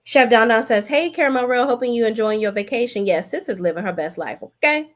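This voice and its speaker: Casual streamer woman, animated, says y'all and child a lot, chatty and loose. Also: brisk. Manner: animated, swoops high when thanking viewers; chatty, Southern-tinged slang like y'all and child. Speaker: live-stream host reading chat. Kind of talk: casual live-stream chat.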